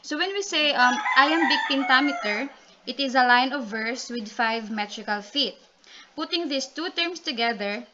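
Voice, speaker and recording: Her voice high, pushed, and bright, a woman presents a poetry report to her class, explaining as she goes and naming classmates to call on them. The recording is dull and lo-fi.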